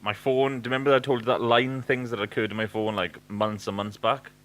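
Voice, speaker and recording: A man's voice: medium pitch, fairly even intonation, a little fast, a bit bright. A man co-hosting a podcast, chatting casually in a rambling, sweary way full of fillers. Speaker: podcast co-host. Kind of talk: casual chat.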